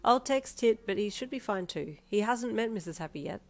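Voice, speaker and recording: A woman reading a fan story aloud, voicing a lively, cheeky teenage schoolgirl who talks brightly. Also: mid-range voice, moderate pace, soft background music, pitched above the performer's own voice, natural voice.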